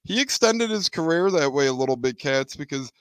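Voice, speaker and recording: A man's voice: fairly high pitch, lively intonation, a bit bright, clean tone, dry recording. Upbeat male podcast co-host, dry sound. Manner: upbeat, measured, builds on his co-host's points. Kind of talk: casual sports chat.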